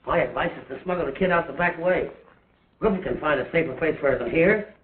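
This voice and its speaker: An actor playing an uneasy, scheming gang member in an early talkie. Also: male voice, fairly high pitch, fast, natural voice. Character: nervous male gang member. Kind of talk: early talkie film acting. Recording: tinny scratchy 1920s film soundtrack.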